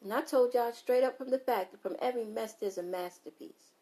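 Blunt, emphatic woman with a higher voice. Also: a little fast, mellow. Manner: blunt, emphatic, repeats key phrases, swears freely. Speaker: motivational speaker. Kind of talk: unscripted motivational talk to viewers.

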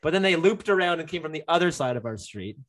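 A man's voice: a little high, animated, quick pace, fairly bright tone. A young man in casual chat, telling a long story with lots of fillers and restarts. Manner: rambling, many fillers and restarts.

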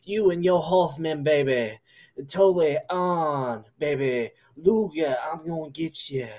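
A man's voice: on the high side, unhurried, a little mellow. A man putting on a drawling, swaggering old-school wrestling promo voice, calling everyone baby.

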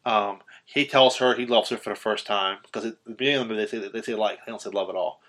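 A man's voice: on the low side, quick pace, fairly bright tone. A young man in a casual chat about a film, rambling with lots of fillers and swearing freely. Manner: rambling, profane, many fillers.

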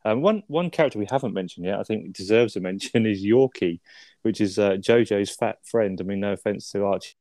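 A man's voice: on the low side, brisk, darkish tone, no room sound. Chatty man, dry close sound. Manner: chatty, uses tag questions, swears. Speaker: film podcast co-host. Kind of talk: casual film review chat.

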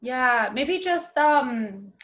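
Chatty young woman, fairly high voice. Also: drawn-out words. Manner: chatty, animated, acts out quotes with many "like"s. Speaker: podcast co-host. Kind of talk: casual chat about a TV show.

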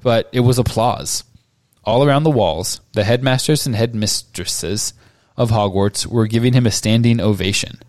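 A man co-hosting a podcast, reading a novel aloud in a steady, measured way. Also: medium pitch, dry recording. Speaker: podcast co-host.

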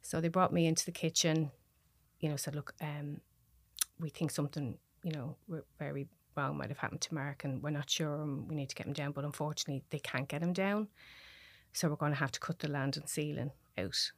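A woman with a Dublin Irish accent, a podcast guest telling a personal story in halting, restarting sentences and voicing what others said. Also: sits low, steady tone, dry recording. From Ireland. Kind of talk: personal story told in conversation.

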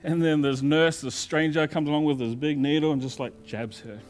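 A male pastor preaching a sermon in a conversational storytelling way, moving between loud emphasis and quiet asides. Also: a little high, steady tone, normal speed.

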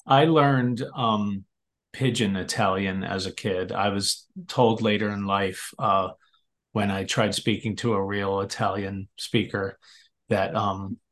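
Easygoing man telling stories, low voice. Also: steady tone, takes it slowly, fairly bright tone. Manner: easygoing storyteller. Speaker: podcast guest. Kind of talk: casual chat.

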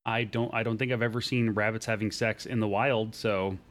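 A young man hosting a casual podcast, animated and rambling, with frequent restarts. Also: on the low side, brisk. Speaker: podcast host.

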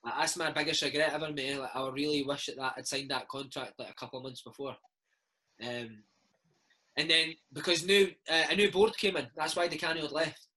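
A man's voice: on the high side, fairly even intonation, a little fast, bright, forceful tone, low-quality recording. A Scottish man in his thirties, a former footballer telling stories in a casual interview, dropping "mate" and "eh" all the time. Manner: chatty, peppers speech with "mate" and "eh".

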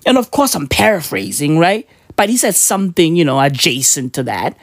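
A woman's voice: low-pitched, sing-song, moderate pace, no room sound, studio quality. A woman ranting on a podcast in casual, profane, slangy talk, emphatic and mocking.

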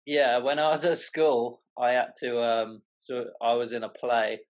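A man's voice: mid-range voice, unhurried. A man from England with a British accent, a guest judge on a casual chat show, dry and blunt. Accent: British English.

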